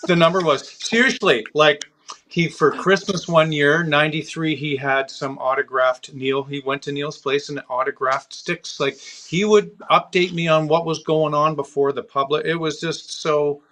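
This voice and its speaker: A man's voice: on the high side, fairly even intonation, moderate pace, pushed and bright. A man from Canada hosting a casual interview, telling loose anecdotes in fragments. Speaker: host. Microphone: video call livestream mic.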